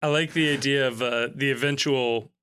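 Male co-host, casual banter, bright forward tone, quick to laugh. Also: medium pitch, slight background noise. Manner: laughs often, relaxed hosting. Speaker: podcast co-host. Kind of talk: casual chat.

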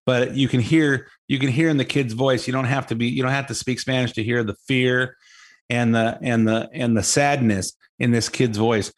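A man's voice: mid-range voice, fairly even intonation, normal speed. A man hosting a talk show, delivering an opinionated commentary monologue in a sarcastic, mocking tone that rambles with many restarts.

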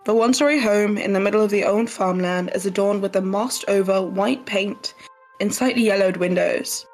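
A woman running a tabletop game as game master, describing scenes with halting fillers as she goes. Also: mid-range voice, a little mellow, soft background music.

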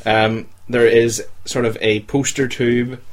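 A man's voice: mid-range voice, level tone, slow. A young man, hosting a casual chat show and joking with the listeners. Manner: chatty, joking, talks to the audience. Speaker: podcast host.

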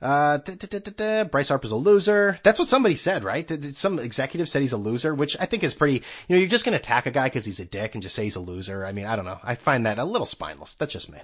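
A man's voice: medium pitch, expressive, fast, hardly any pauses. A man hosting a podcast alone, rambling in a sarcastic, casual way and swearing freely. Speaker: podcast host. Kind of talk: casual solo chat.

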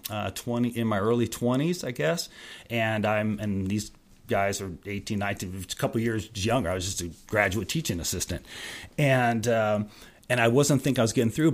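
A man in his fifties, a longtime Sunday school teacher, chatting on a church podcast in a halting, rambling way with many restarts. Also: lowish voice. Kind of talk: casual podcast chat.

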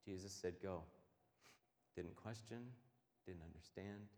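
A pastor preaching a passionate sermon, swinging between quiet and loud. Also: male voice, sits low, normal speed. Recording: echoey hall.

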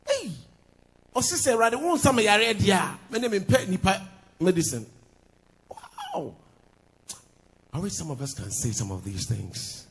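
Husky Ghanaian man preaching sing-song. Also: high voice, big pitch swings, normal speed. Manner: switches between English and Twi, sing-song, laughing asides. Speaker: pastor. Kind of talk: sermon.

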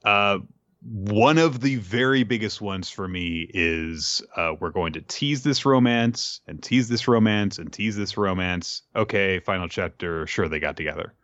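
Low bright-voiced man, casual podcast chat. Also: a little slow, dry recording, muffled recording. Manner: rambling, laughs often, fillers. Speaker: podcast co-host.

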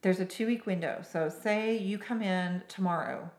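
Woman, nurse injector, podcast host, chatty and animated, roomy echo. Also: mid-range voice, normal speed. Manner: chatty, animated, laughs often. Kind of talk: casual podcast chat.

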